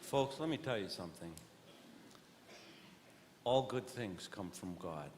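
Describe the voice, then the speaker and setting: A man performing live stand-up comedy on stage. He questions audience members directly and swings between earnest preaching and loud comic bits. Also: fairly low pitch, expressive, slow. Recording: long hall reverb, faint noise.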